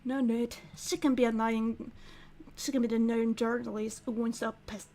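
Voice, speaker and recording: A woman's voice: fairly high pitch, level tone, moderate pace, dark tone, voice pushed down, lightly acted. A woman voicing an aloof young male crown prince as she reads game dialogue aloud, with a clipped, cool delivery.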